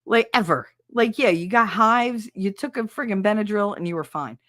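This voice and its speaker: A woman podcast host telling stories in a casual, animated way, laughing and acting out voices. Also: medium pitch, normal speed, no echo, clean studio sound. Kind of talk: casual storytelling.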